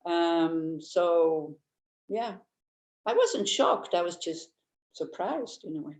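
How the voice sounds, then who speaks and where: A woman's voice: fairly low pitch, expressive, slow pace, a little mellow. An older woman giving an informal Buddhist teaching. She is chatty and humorous, telling anecdotes and laughing easily. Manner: chatty and anecdotal, with frequent restarts. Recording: roomy echo.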